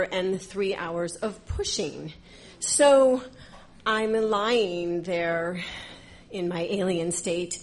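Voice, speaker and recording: A woman telling a personal story live on stage, animated and exaggerating for comic effect. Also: on the low side.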